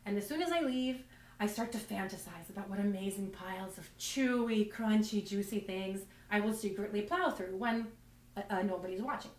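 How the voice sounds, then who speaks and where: A woman's voice: medium pitch, moderate pace, darkish tone. Self-mocking woman comic in a roomy space. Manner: self-deprecating, rambling with many restarts. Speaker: stand-up comedian. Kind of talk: stand-up comedy storytelling. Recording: roomy, distant mic.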